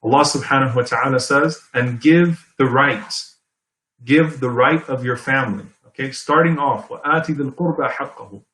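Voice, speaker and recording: A man giving an Islamic sermon in a conversational, explanatory way, often checking in with "okay?" and "right?" and reciting Arabic verses quickly. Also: medium pitch, a bit bright, reverberant, low-quality recording. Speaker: Islamic preacher. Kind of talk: sermon lecture.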